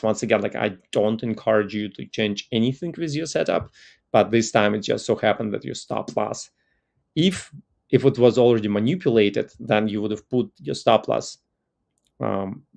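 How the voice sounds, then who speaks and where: A man's voice: on the low side, creaky, a little mellow. A man with a Russian accent giving a loose, conversational talk on market analysis as a trading educator, full of "like" fillers.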